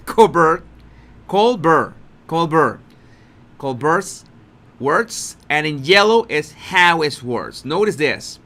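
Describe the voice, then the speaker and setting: A man hosts his commentary channel and picks apart a clip. His voice sits high and swings up and down a lot as he stresses words. He speaks slowly and often repeats himself. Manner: animated and emphatic, repeats words, laughs at his own points. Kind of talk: video commentary on a talk-show clip.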